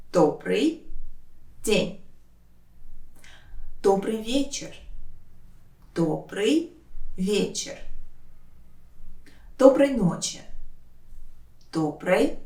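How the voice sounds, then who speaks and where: A woman who speaks Russian natively, teaching a language lesson in English with slow, careful speech, saying each phrase twice. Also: medium pitch, far from the mic. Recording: roomy, voice a bit off-mic.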